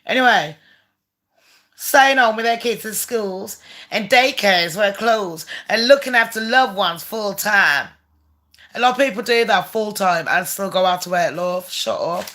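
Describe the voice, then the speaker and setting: A woman's voice: mid-range voice, expressive, measured pace, sharp tone. A woman hosting her own channel, reading a letter aloud and tearing into it with profane, mocking, sarcastic commentary. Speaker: channel host.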